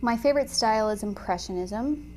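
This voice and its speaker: A woman teaching watercolor painting in a chatty, enthusiastic way, often pausing with "um" while she talks. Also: on the high side, darkish tone, a little hiss or hum. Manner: chatty and enthusiastic, frequent "um" fillers. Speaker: watercolor instructor. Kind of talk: casual tutorial chat while painting.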